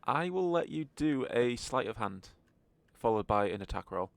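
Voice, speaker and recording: A man's voice: mid-range voice, lively intonation, moderate pace, gravelly, no room sound. A man narrating a tabletop game as game master, in a wry, joking manner.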